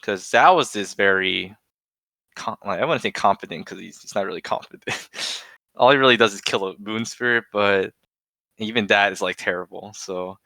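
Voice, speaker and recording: A man's voice: on the low side, moderate pace, vocal fry, pushed and bright, no echo. A young man co-hosting a podcast, chatting casually and rambling with restarts and fillers. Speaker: podcast co-host. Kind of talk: casual chat.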